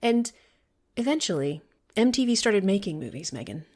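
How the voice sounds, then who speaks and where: A woman's voice: mid-range voice, very animated, normal speed, darkish tone. A woman co-hosting a podcast, chatting casually with a playful, sarcastic streak. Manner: playful, sarcastic, jokey mock-announcer bits. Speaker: podcast co-host. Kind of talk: casual chat.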